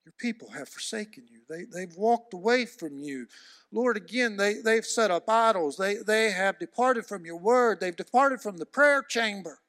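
Fired-up preacher guy, kinda high voice, shouts then drops to a near whisper. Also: moderate pace, dry recording, studio quality. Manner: impassioned, swings from loud shouts to hushed near-whispers; preacherly, emphatic repetition. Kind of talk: sermon.

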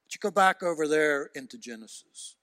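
A man preaching a sermon with emphatic repetition, swinging from loud shouts to hushed near-whispers. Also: fairly high pitch, expressive, brisk, no echo, clean studio sound.

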